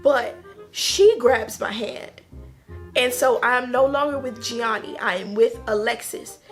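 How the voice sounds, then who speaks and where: A woman casually telling a personal story to camera, animated, acting out quotes in a higher voice and laughing between lines. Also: slow pace, faint music behind.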